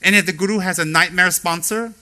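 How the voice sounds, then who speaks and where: A man giving a Buddhist teaching as a sermon, animated and acting out voices. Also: high-pitched, brisk.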